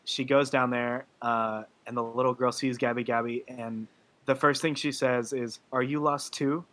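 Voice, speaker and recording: Bright-voiced young man gushing about films. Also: mid-range voice, little pitch movement, normal speed. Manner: earnest, gushing, with frequent fillers. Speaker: podcast co-host. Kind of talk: casual movie review chat.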